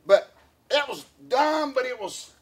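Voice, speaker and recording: A man's voice: very high voice, lively intonation, unhurried, a bit bright. A man, co-hosting a casual podcast chat, rambling with lots of fillers and restarts. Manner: rambling, many fillers and restarts, laughs often. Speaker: podcast co-host.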